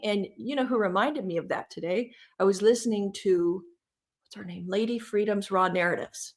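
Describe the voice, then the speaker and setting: Woman host for a true-crime live stream, mid-pitched, animated, opinionated, talks straight to her chat. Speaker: livestream true-crime commentator. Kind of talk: casual live-stream commentary.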